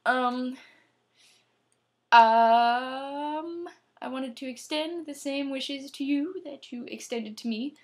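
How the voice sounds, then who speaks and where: A young woman with a very high voice delivers a rambling, giggly birthday greeting to a friend. She talks casually and keeps it light. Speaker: friend sending a birthday message. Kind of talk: casual to-camera birthday message.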